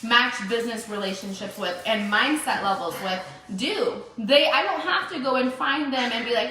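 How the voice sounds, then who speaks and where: A woman's voice: a little high, measured pace, hardly any pauses, pushed and bright. A young woman giving an emphatic motivational talk in her own vlog, repeating phrases for stress. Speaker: entrepreneur vlogger. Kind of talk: motivational self-recorded vlog. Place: home room with dogs. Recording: very echoey room.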